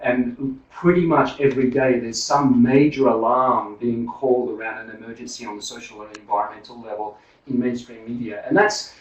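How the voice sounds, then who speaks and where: A man's voice: medium pitch, steady tone, normal speed. A man with an Australian accent drifting toward American, giving a seminar talk in a chatty way with many fillers and restarts. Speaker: seminar speaker. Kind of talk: academic talk. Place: seminar room. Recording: roomy lecture hall from far off, dull.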